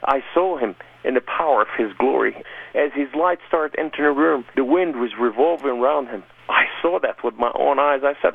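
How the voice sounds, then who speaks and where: A man's voice: medium pitch, moderate pace, creaky, husky, no room sound. A man giving an emphatic, impassioned personal conversion testimony as an interview guest. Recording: narrow phone-like radio sound.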